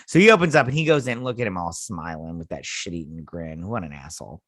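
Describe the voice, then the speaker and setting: Man host, casual sarcastic TV review rant, lively swinging pitch, dry sound. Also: fast talker, dry recording. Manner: sarcastic ranting, swearing.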